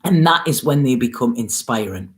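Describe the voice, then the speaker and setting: A woman's voice: extremely low pitch, expressive, normal speed. Earnest, coaxing woman tarot reader. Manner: earnest, coaxing, with frequent "okay?" and "you know". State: near tears, emotional. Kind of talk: spiritual reading, casual monologue.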